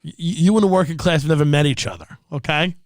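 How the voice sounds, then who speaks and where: A man's voice: fairly high pitch, fast talker, no echo. A man hosting a podcast, delivering a sarcastic, profane comedic rant. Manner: sarcastic, profane, impersonates people mid-rant. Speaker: podcast host.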